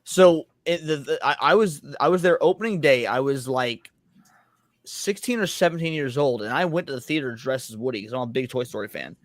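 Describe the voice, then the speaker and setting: A man's voice: medium pitch, brisk, no echo. A man in casual podcast chat who rambles, restarting and repeating words as he tells a story.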